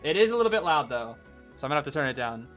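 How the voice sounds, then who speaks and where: A man streaming, casually co-commentating esports matches and chatting to viewers in an excitable way, often saying "bro" and laughing. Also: fairly high pitch, racing, faint music behind.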